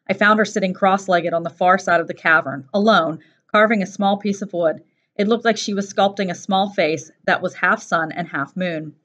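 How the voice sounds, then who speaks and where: A woman teacher reading a first-person novel aloud in a steady, plain storytelling voice. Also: fairly low pitch. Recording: dull lo-fi recording.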